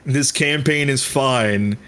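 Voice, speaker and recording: A man's voice: mid-range voice, slow pace, fairly bright tone, smooth. A young man co-hosting a gaming stream, teasing and coaching the player with plenty of swearing. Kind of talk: casual gaming stream chat.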